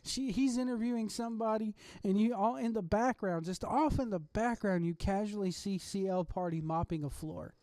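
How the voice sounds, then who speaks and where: This podcast host rants in a loose, rambling monologue from home late at night, getting excitable and swearing freely along the way. The voice is mellow and dark in tone. It sits close and dry, with no room around it. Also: mid-range voice, moderate pace, few pauses, no room sound. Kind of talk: casual ranting monologue.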